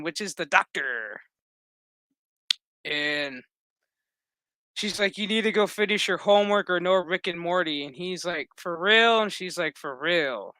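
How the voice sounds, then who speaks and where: A man's voice: high-pitched, sharp tone, no room sound. A man giving a rambling, profane recap of a TV episode, acting out the characters' lines as he goes. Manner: rambling, profane, acts out quotes. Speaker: show recap reviewer.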